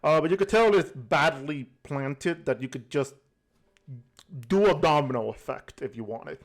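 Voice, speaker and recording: A man narrating a tabletop game as game master, pausing with many fillers. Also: on the high side, lively intonation. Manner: hesitant, filler-heavy narration.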